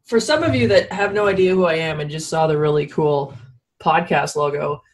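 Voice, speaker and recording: A woman's voice: deep voice, brisk, slight background noise. A woman from Canada hosting a casual podcast interview, chatty and laughing often, with a sleepy early-morning voice. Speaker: podcast host. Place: home studio in Ottawa.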